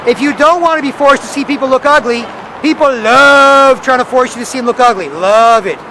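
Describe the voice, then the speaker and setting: A man's voice: extremely high pitch, brisk, pushed and bright, rough recording. A man vlogging on a downtown street corner, ranting and repeating himself in a rambling monologue. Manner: repetitive, ranting, acts out other people's voices. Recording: faint traffic noise outdoors.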